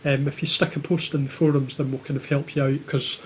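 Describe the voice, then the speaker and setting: A man co-hosting a casual livestream, explaining things hesitantly and filling his pauses with lots of ums. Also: medium pitch, flat delivery, a little hiss or hum. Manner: hesitant, with many filler ums. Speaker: co-host of a maker livestream.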